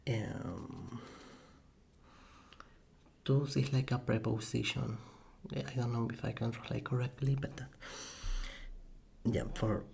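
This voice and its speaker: A man tutors in a slow, soft-spoken ASMR style, his low voice carrying a gravelly fry. He talks in a halting way and corrects himself often, letting out soft little laughs. The tone is mellow and close to a desk microphone. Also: a little hiss or hum. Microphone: USB desk microphone.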